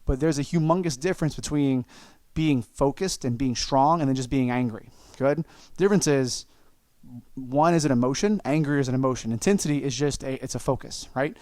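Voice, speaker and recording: A man's voice: mid-range voice, brisk, no echo. A man teaching an online kids' martial arts class, calling out moves, counting and encouraging the students. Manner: coaching, encouraging, calls out moves and kiai shouts.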